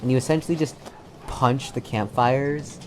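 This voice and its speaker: A man's voice: medium pitch, fairly even intonation, normal speed, darkish tone, a little hiss or hum. A man narrating a tabletop game as game master, laid-back, with many fillers and restarts.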